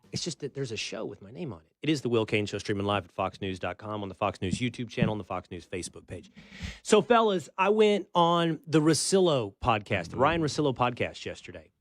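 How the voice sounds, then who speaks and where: A man's voice: mid-range voice, sing-song, brisk, faint music behind. A man hosting a talk show, chatting in a casual, rambling, wry way. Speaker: show host.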